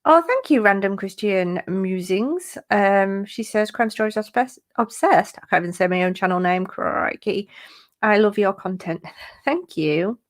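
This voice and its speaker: A woman's voice: mid-range voice, expressive, measured pace. A woman hosting a true crime live stream, chatting casually and rambling with many fillers. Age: adult parent. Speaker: true crime YouTube host.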